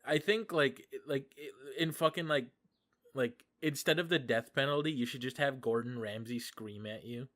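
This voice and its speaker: Male podcast guest, mid-range pitch; blunt, profane casual talk. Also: normal speed, fairly bright tone. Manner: blunt, profane, laughs easily. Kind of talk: casual chat.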